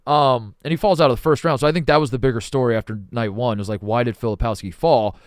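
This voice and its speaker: Male co-host, casual rambling sports talk, clean smooth tone. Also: medium pitch, fast, dry recording, studio quality. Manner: rambling, laughs easily, repeats himself. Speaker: podcast co-host.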